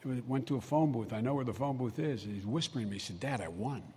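A man's voice: medium pitch, rapid-fire, warm tone. An older man giving a folksy, emphatic public speech full of personal stories. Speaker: vice president giving a speech. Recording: long hall reverb, faint ambient noise.

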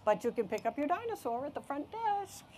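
A cheerful storybook nurse with a sweet, sing-song lilt, her voice pitched up high, as a woman puts her on. She sounds sugary and chirpy throughout. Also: big pitch swings, a little fast, dark tone, slight background noise.

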